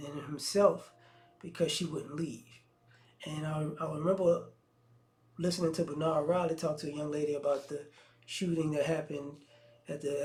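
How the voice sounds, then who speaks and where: Man, channel host, high voice, easygoing slangy commentary. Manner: relaxed and conversational, with slang and restarts. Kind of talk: casual video commentary.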